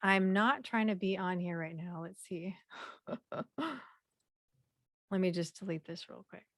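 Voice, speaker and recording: A woman presenting a slideshow workshop in a conversational way, with frequent fillers and repeated throat clearing. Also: on the low side, steady tone, a little slow, no echo, clean studio sound.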